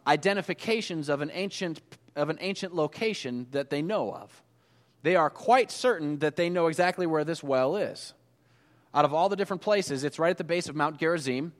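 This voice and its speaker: A man preaching a sermon in a relaxed, conversational way, telling the story with animated asides. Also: a little high, big-room sound. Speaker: pastor.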